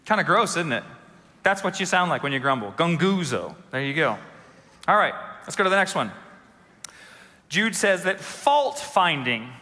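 A man preaching in a church sanctuary, his high, bright voice ringing out with a long reverb behind it. He tells funny stories and keeps turning to the congregation with questions. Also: big pitch swings, normal speed, pauses often. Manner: storytelling with humor and audience questions. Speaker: pastor. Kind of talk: sermon.

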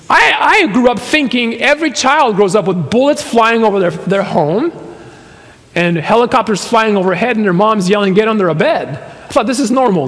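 A man's voice: high voice, a bit bright. A man in his fifties preaching a sermon in a church hall, telling a personal story with laughs and quoted voices. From Nicaragua and the US. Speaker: pastor.

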